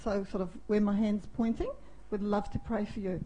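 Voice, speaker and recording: A woman sharing a prayer word in church, gentle and hesitant, a little away from the mic. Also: mid-range voice, steady tone, normal speed, muffled recording.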